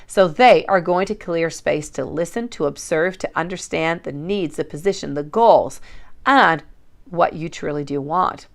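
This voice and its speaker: A woman's voice: deep voice, unhurried. A woman giving a chatty, affectionate livestream tarot reading and calling viewers sweetie. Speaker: tarot reader.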